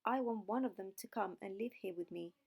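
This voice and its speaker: Angry fairy-tale beast giving orders, woman reading it, gravelly. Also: mid-range voice, a little fast, a little mellow. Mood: stern. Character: terrible angry male beast in a palace.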